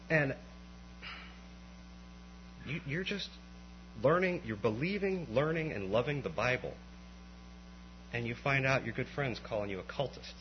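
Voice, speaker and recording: Guy preaching a sermon, voice jumps all over when he gets fired up, kinda muffled lo-fi recording. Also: on the high side. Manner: animated, swings from quiet to impassioned rising outbursts. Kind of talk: conversational sermon. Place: evening church meeting. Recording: dull lo-fi recording with faint mains hum.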